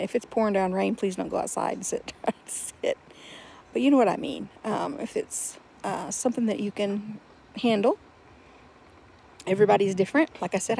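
A middle-aged woman, chatting in a relaxed, rambling way while sitting outdoors under trees. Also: mid-range voice, gravelly, slight background noise. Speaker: vlogger. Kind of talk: casual chat to camera. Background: faint outdoor sounds with birds.

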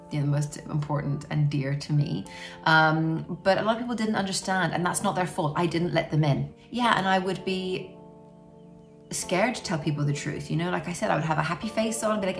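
A woman with a low voice speaks openly and reflectively to the camera about her life as a parent. Her tone is frank, and her sentences are loose and full of "you know". Her voice has a gravelly edge, and soft music plays faintly underneath. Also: moderate pace. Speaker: parent sharing personal experience. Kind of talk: candid personal talk to camera.

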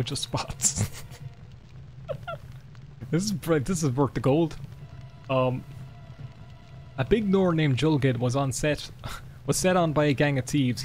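A man streaming a game live, swearing, laughing and reading in-game books aloud with excitement. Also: medium pitch, vocal fry. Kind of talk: live gameplay commentary.

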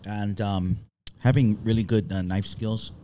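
A man co-hosting a casual chat, laid-back and joking, often pausing with fillers. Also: lowish voice, fairly even intonation, mellow, slight background noise. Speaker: co-host.

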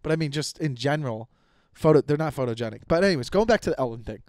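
A young man rants on his comedy podcast in a slightly high voice, swearing freely and tripping over his own sentences as he restarts them. The sound is close and dry, with no room around it. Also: expressive, fast, darkish tone, dry recording. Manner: profane, rambling with many restarts. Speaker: podcast host. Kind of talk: casual comedic rant.

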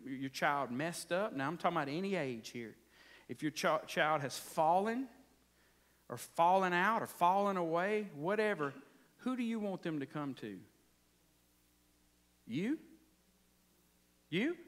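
A man's voice: fairly high pitch, a bit bright. A man preaching a sermon in a church, conversational and playful, stretching out key phrases for emphasis. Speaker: pastor. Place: church sanctuary.

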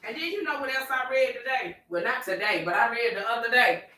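A woman vlogging in a relaxed, chatty way, talking straight to her viewers and laughing often. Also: fairly high pitch, brisk. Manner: chatty, folksy, laughs often, addresses viewers as "girl" and "y'all". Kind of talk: casual chat to viewers while eating.

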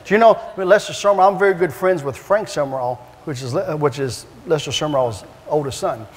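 Male evangelist, high voice, animated storytelling sermon, long hall reverb. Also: normal speed. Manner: animated, repetitive, emphatic. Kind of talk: preaching with storytelling. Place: church sanctuary.

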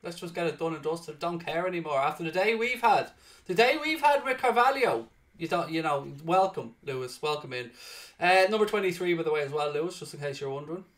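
A man hosting and commentating on his own football video game, excitable and swearing loudly in frustrated outbursts, sounding tired. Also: fairly high pitch, a little fast. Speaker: gaming streamer and host. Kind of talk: live gaming commentary.

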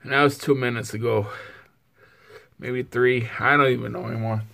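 A man's voice: medium pitch, steady tone, moderate pace, gravelly, pushed and bright. A man vlogging casually while suffering from spicy heat, sighing and whooping between words. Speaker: food vlogger. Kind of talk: casual vlog.

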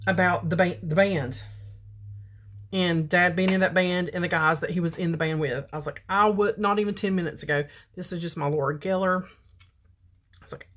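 Fifty-something lady rambling through a story while doing her makeup, kinda low voice. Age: 50s. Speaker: beauty vlogger. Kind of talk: casual makeup chat.

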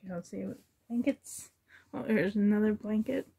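A woman chatting to herself and her viewers while sorting doll clothes, sentimental and softly laughing. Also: mid-range voice, moderate pace, vocal fry, slightly rough. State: emotional, choked up. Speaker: reborn doll collector vlogger.

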